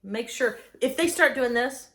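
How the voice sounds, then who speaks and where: A middle-aged woman chatting casually as host, an enthusiastic and animated storyteller. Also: fairly high pitch, a little slow. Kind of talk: casual chat.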